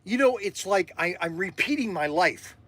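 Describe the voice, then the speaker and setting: In casual storytelling on his show, an older male podcast host recounts a lengthy personal story, repetitive and emphatic, getting emotional now and then. He speaks at a moderate pace in an animated, high-pitched, fairly bright voice, recorded without room sound.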